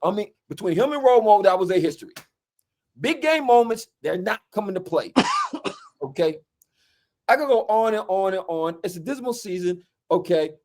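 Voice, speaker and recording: A man in a casual sports rant, animated and exasperated, tagging his points with "okay". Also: sits high, moderate pace. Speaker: football fan commentator.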